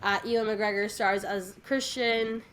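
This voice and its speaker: A woman's voice: medium pitch, fairly even intonation, a little slow, crowd noise. A woman co-hosting a podcast, chatting casually and enthusiastically with many fillers and restarts. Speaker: podcast co-host. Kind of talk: casual chat.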